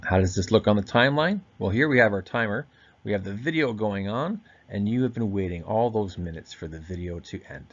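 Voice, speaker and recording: Low husky man teaching grammar. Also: lively intonation, highs cut off. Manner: explanatory, stresses key words slowly. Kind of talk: recorded grammar lesson.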